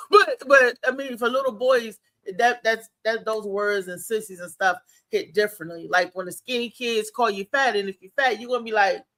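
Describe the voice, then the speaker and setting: A woman talks in a casual morning show chat. Her voice is bright and a little tense, and she tells stories with lots of animation and restarts. She is a parent speaking from experience. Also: a little high, normal speed. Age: adult with a child. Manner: animated storytelling, many restarts, laughs.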